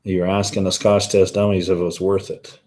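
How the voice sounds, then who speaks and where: A man's voice: low-pitched, flat delivery, normal speed, warm tone. A man, chatting casually on his whisky vlog and answering viewer comments, rambling and often correcting himself. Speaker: whisky vlogger.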